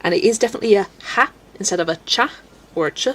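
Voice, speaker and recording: Racing along in a mid-range voice, a woman from Belgium hosts a casual colouring livestream from her home desk, reading chat, laughing often, and stumbling over names. Poor audio carries a little hiss or hum.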